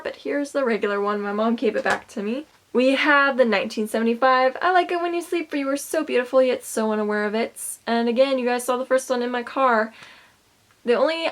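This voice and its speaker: Young woman vlogging, chatty and excitable, voice a bit high. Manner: chatty, enthusiastic, lists items with bursts of excitement. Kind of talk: casual show-and-tell vlog.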